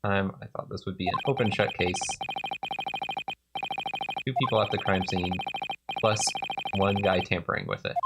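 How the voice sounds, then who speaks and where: A man's voice: low voice, steady tone, moderate pace, long pauses, heavy background noise. A man co-hosting a let's play, joking through casual commentary and often breaking into laughter. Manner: joking, laughs often, reads game lines aloud. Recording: loud game music under voice. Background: loud game music.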